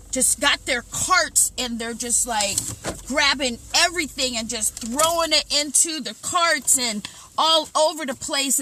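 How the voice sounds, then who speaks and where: High, bright-voiced woman vlogging. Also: dry recording. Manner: animated, retells events with lots of quoted self-talk and repetition. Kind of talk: casual personal storytelling to viewers.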